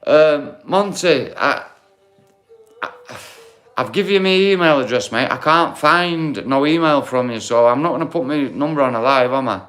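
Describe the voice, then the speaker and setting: A man's voice: mid-range voice, moderate pace, a bit bright, faint music behind. A man hosting a live stream, chatting bluntly with viewers, heated and swearing freely. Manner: blunt, heated, swears, talks straight to the chat.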